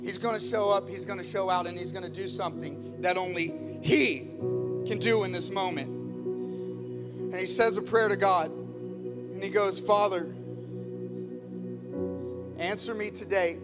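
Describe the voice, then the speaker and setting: A man's voice: sits high, unhurried, long pauses, music in the background. A male pastor preaching a sermon, emphatic, acting out the scenes he tells. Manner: emphatic, acts out scripture scenes. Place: church.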